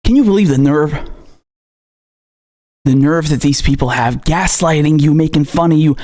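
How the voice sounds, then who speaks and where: A man's voice: on the high side, moderate pace, mellow. A male political commentator ranting angrily, swearing often and firing off rhetorical questions. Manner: angry, profane, hammering rhetorical questions.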